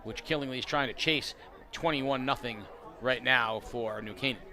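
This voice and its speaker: A man calling play-by-play for a high school football game, excitable on big plays and chatty between them. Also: moderate pace. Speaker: play-by-play announcer. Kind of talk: play-by-play sports commentary. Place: outdoor stadium press box.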